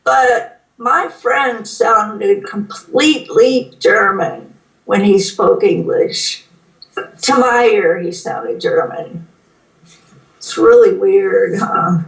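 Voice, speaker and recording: A woman in her fifties with a Southern American accent, chatting in a slow, storytelling way on a video call. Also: mid-range voice, vocal fry. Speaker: interviewee. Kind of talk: casual chat. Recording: roomy, distant mic sound.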